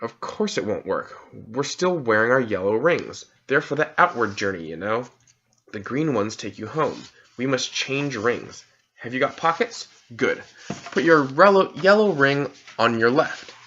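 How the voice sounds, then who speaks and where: A man's voice: medium pitch, expressive, measured pace, pushed and bright. A man doing a drowsy young boy. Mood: explaining. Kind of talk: audiobook reading. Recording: dull lo-fi recording.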